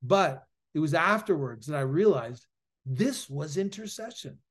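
A man's voice: fairly high pitch, lively intonation, measured pace. A preacher and author, a man, telling an earnest, emotional personal testimony as an interview guest. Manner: earnest, emotional storytelling that swells louder at its peaks.

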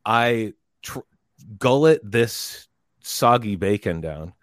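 Guy with a lowish voice telling a rambling story, gets loud on the quotes, dry mic. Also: takes it slowly, dry recording. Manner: rambling, animated retelling with shouted quotes. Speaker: podcast guest telling a story. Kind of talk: casual storytelling chat.

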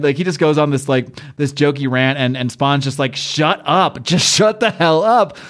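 A man co-hosting a podcast, recapping a comic book in casual chat, laughing often, swearing freely and acting out the characters' lines. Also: on the high side. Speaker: podcast co-host.

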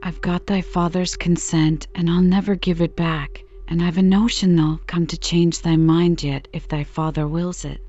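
A woman's voice: lowish voice, steady tone, normal speed, few pauses, mellow, close to an everyday voice. A woman reading the part of a jealous young man who has been rejected, brooding and stubborn, on a slightly dull recording.

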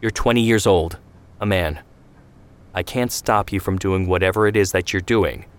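A stern, weary father in an audio story, voiced by a man. His voice is low and commanding, and he talks in proverbs. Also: fairly even intonation, normal speed, smooth, close to an everyday voice.

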